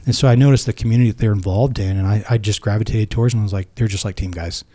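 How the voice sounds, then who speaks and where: A middle-aged man, a former Navy SEAL, telling stories casually and acting out the quoted lines in a lively way. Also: fairly low pitch, rapid-fire. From United States. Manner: animated, acts out quoted dialogue. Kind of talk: casual storytelling.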